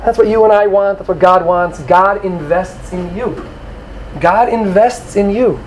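A man giving an animated sermon to young students, acting out quoted voices and sprinkling in Hebrew terms. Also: high-pitched, measured pace, a little hiss or hum, low-quality recording. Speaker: rabbi or teacher addressing students.

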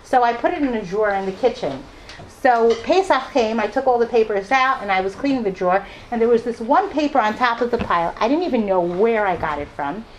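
Addressing an audience, this middle-aged woman recounts something from her own life at a fairly quick pace, her pitch fairly high. Slight background noise is present, and she animatedly performs the voices of those she quotes.

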